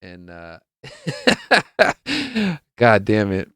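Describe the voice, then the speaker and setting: A man's voice: lowish voice, wildly swooping pitch, drawn-out words, a bit bright, no echo, clean studio sound. A young man hosting a podcast, telling a rambling party story in casual chat, swearing freely, laughing often and acting out what people said. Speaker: podcast host.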